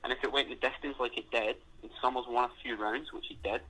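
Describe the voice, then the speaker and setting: A man's voice: medium pitch, fairly even intonation, quick pace, pushed and bright, breathy edge, poor audio. A man co-hosting a boxing podcast, blunt and enthusiastic, swearing freely. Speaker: podcast co-host. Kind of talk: casual chat.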